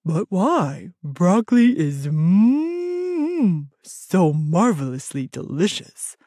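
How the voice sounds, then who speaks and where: A woman voicing a cheerful, friendly male bear in a children's audiobook, warm and enthusiastic. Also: lowish voice, big pitch swings, takes it slowly, dry recording, studio quality, full character voice. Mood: surprised, dreamy.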